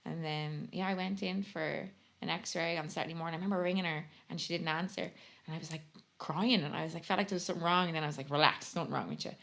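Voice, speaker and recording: A young woman, telling a personal story as a podcast guest in lively, chatty interview talk. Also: fairly low pitch, fast. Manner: chatty, animated storytelling with frequent quoting.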